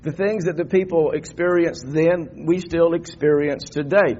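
An older pastor's fairly high, slightly mellow voice, fairly even in intonation and normal in speed, carries his Easter sermon through a church sanctuary. He talks conversationally, then builds into fervent emphasis, all on a dull lo-fi church recording.

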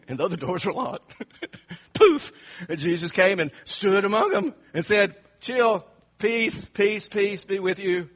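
A man preaching an animated sermon, telling the story dramatically and acting out the quotes with frequent laughter. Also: fairly high pitch, slightly rough. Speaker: pastor. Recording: muffled lo-fi recording.

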